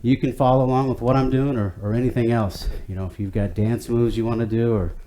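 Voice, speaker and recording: A man running a home workout class chats loosely, with plenty of fillers and restarts, as a fitness instructor giving guided instruction. His mid-range voice has a dark tone and steady delivery, and he talks fast. A bit of hiss or hum runs under the audio.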